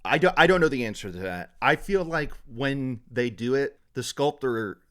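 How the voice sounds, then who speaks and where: A man co-hosting a casual true-crime podcast, telling the story in an animated, profane way. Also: mid-range voice, normal speed, clean tone. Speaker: podcast co-host.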